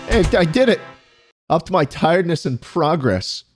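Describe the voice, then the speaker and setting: A man giving profane, excitable let's-play commentary, often yelping and laughing. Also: on the high side, measured pace, soft background music. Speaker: gaming YouTuber.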